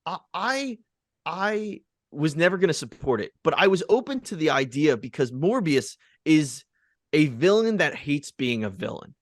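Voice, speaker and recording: A man's voice: fairly high pitch, very animated, normal speed, dry recording, clean studio sound. A man co-hosting a podcast, talking in an emphatic, casual way and swearing freely. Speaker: podcast co-host. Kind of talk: casual chat.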